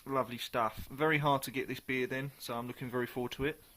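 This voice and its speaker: Speaking in a mid-range voice with fairly even intonation and a sharp edge, a man reviews a beer casually and chattily, now and then searching for what to say.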